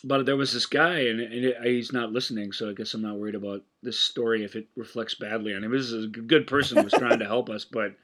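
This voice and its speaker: A man's voice: medium pitch, steady tone, quick pace, hardly any pauses, fairly bright tone. A man co-hosting a movie podcast, chatting casually and telling rambling stories with frequent laughs. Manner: rambling, storytelling, laughing often. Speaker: podcast co-host. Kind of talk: casual chat about movies.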